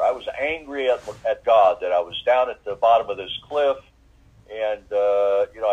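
A man giving a personal faith testimony as an interviewee, talking in a halting way with many fillers and restarts. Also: on the low side, muffled recording.

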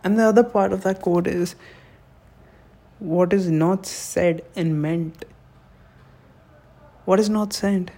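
Gravelly, impassioned man. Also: sits high, steady tone, takes it slowly, long pauses. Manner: intense and emotional, swings from hushed to shouting, swears. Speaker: speaker giving a monologue on love. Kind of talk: impassioned spoken monologue.

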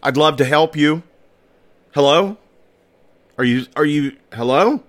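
A man's voice: on the high side, animated, slow. A man voicing a nervous woman witness who stammers politely. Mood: uneasy. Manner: hesitant, stammering.

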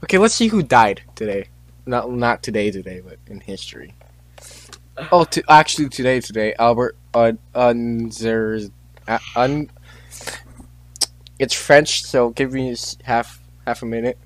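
A man's voice: mid-range voice, animated, measured pace, no room sound. Teen guy reading history facts, dry. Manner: stumbles over names, joking asides. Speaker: podcast host. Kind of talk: casual chat, reading on-this-day facts.

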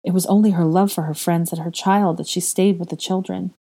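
A woman reading a story aloud, narrating calmly and lifting her voice sharply when characters cry out. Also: on the low side, brisk, hardly any pauses, breathy edge. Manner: emotional, raises voice sharply for dialogue. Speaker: fan fiction reader.

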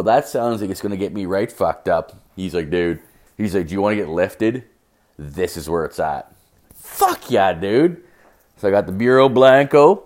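Young male podcast host from Canada, low-ish voice, foul-mouthed, loose storyteller. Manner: profane, rowdy, acts out both sides of dialogue. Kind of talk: casual storytelling monologue.

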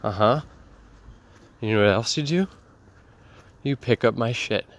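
A man's voice: mid-range voice, a little slow, close to an everyday voice. A man voicing a grumpy, fed-up male house cat that yowls and then curses in sulky outbursts. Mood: resentful. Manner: yowling meows, then cursing in sulky outbursts.

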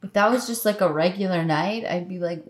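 A woman's voice: fairly low pitch, fairly quick. A woman co-hosting a casual chat, recapping a movie with wry asides. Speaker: podcast co-host.

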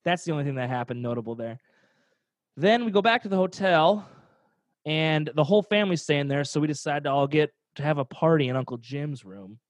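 A man's voice: fairly high pitch, lively intonation, a little fast, no echo. A young man casually telling a rambling, profane story, laughing along the way. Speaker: podcast storyteller.

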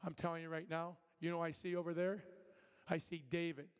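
A guest preacher from Michigan, whose voice is a bit high for a man, delivers a sermon with storytelling and prophetic ministry in a church sanctuary, where a long hall reverb carries his words. He tells stories animatedly, voicing every character and often restarting sentences, yet his delivery is flat, slightly fast, clear, and resonant.

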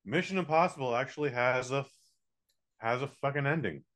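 Dude cohosting a podcast, rambly and sweary, jokes around, normal middle pitch voice. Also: male voice, a little fast, noisy background. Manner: profane, rambling, joking. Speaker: podcast co-host reviewing movies. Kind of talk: casual podcast chat.

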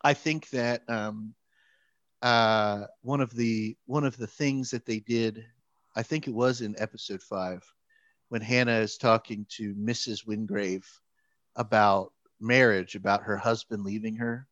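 A man co-hosting a podcast in casual chat, animated, laughing often, repeating words and acting out quotes. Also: fairly low pitch, unhurried, no room sound, muffled recording. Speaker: podcast co-host.

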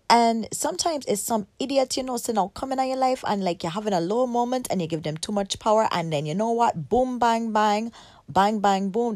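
A woman with a deep, low voice delivers an animated motivational talk to her viewers. She is emphatic and drives points home by repeating words. The sound is dry and close, with no room echo. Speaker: motivational vlogger.

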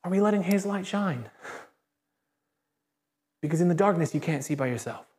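A man with a notably high voice gives a lively, conversational sermon. He acts out quoted voices as he preaches and pushes the congregation to call back answers. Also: normal speed. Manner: asks the congregation for call-and-response. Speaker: pastor. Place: church service.

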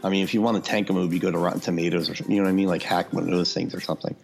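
A man with a fairly low voice co-hosts a casual podcast. He rambles through the story with plenty of fillers and asides. The talk is loose and conversational. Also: level tone, rapid-fire, gravelly, soft background music. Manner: rambling, chatty, with frequent fillers. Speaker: podcast co-host.

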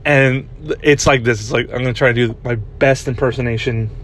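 A man's voice: medium pitch, fairly even intonation, a little fast. A young man telling a rambling story in a casual podcast chat, laughing often and saying "dude" a lot. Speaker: podcast host.

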